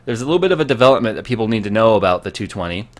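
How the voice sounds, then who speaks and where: A man's voice: lowish voice, animated, racing. A man hosting a live tech stream, chatting casually in a jokey, rambling way.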